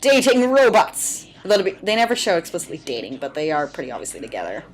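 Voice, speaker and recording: A woman's voice: deep voice, sing-song, rapid-fire, a little hiss or hum. A woman doing a casual, chatty fan commentary over a cartoon episode, sarcastic and laughing, with the odd swear word.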